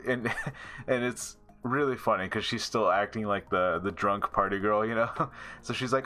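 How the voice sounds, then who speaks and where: A man reviewing an episode in loose, rambling chat, full of fillers and quick laughs. His voice sits a little low yet sounds bright and forward. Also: steady tone. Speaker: show reviewer.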